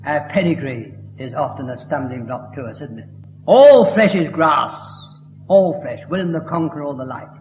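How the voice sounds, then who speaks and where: A man's voice: fairly high pitch, animated, moderate pace, a little hiss or hum. A man preaching a sermon, emphatic and building to fervent declamation. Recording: echoey hall, dull lo-fi sound.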